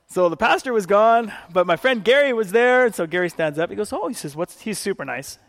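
A man from Canada preaches a sermon, telling stories with frequent laughs and acted-out quotes. His voice sits high for a man. The sound rings with a long hall reverb. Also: expressive, a little fast, fairly bright tone.

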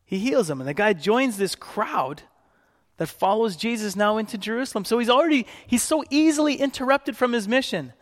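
A high-voiced man preaching with animated storytelling, slipping into the voices of the people in his stories. A long reverb from the hall trails behind every phrase. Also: brisk. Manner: animated storytelling, acting out quotes. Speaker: pastor. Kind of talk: sermon.

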